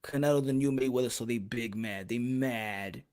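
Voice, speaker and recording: A man's voice: mid-range voice, fast, darkish tone. Male boxing podcast host, solo rant, fiery and foul-mouthed, with repetitive rhetorical jabs. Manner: heated, profane, hammering repeated rhetorical questions.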